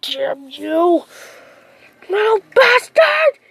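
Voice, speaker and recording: Girl doing shocked old ninja guy yelling, still really high-pitched. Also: sing-song, drawn-out words, creaky, no echo, heavily acted. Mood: outraged. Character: older male ninja teacher, outraged.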